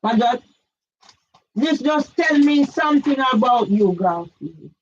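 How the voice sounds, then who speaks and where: A woman's voice: on the high side, lively intonation, slow, husky, highs cut off. A woman, giving an emphatic direct-address complaint, firing pointed questions at one man by name. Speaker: campaigner vlogger.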